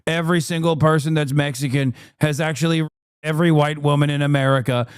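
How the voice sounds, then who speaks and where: A man's voice: a little high, fairly even intonation, fairly quick, clean tone, no room sound, clean studio sound. Exasperated, profane streamer man. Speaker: streamer host. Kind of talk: reaction commentary.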